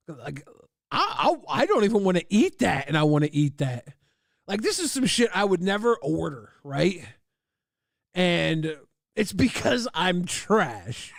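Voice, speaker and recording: A male streamer talking casually over a trailer, excitable and profane, laughing at his own jokes. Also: high voice, measured pace, vocal fry, no echo, clean studio sound. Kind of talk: casual livestream commentary.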